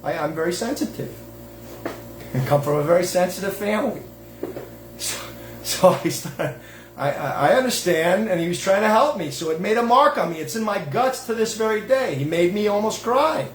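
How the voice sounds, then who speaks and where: A man giving a rambling religious monologue, emphatic and full of restarts. His voice sits fairly high. The room is echoey, with a faint background hiss. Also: animated, normal speed. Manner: emphatic, digressive, many restarts and fillers. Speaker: host and self-styled rabbi.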